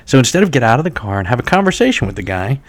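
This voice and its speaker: A man in his forties with a New York accent, telling stories in a casual chat, animated, swearing and laughing often. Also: mid-range voice, racing, no echo. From New York City area. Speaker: guest.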